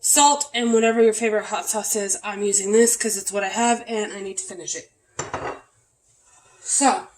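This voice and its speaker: Higher-voiced mom talking thru cooking dinner, kinda out of breath, echoey kitchen w/ oil sizzling. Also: female voice. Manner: chatty, talks while cooking, uses "y'all". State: out of breath from back pain. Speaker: cooking vlogger. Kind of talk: casual cooking vlog narration. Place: home kitchen. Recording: echoey kitchen with frying noise. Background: frying and sizzling.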